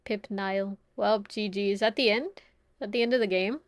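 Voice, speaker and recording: A woman's voice: mid-range voice, fairly even intonation, moderate pace, no echo. A young adult woman streaming a game, chatting casually, reading chat aloud and laughing often. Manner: giggly, playful, reads chat aloud.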